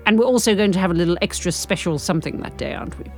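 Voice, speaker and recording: A woman's voice: on the low side, racing, soft background music. A woman co-hosting a comedy podcast, reading a story aloud and bantering playfully. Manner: playful, expressive. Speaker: podcast co-host and reader.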